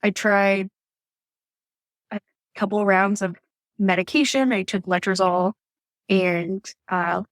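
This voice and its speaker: A woman's voice: mid-range voice, steady tone, takes it slowly, long pauses, no room sound. A woman who works as a nurse, telling her story as a podcast guest in a chatty way with many fillers. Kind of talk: casual storytelling interview.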